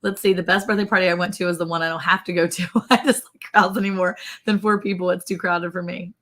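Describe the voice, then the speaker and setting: A woman's voice: lowish voice, flat delivery, fast talker, fairly bright tone. A woman co-hosting a ranch livestream, chatting casually, laughing often and yawning. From Texas. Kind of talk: casual live-stream chat.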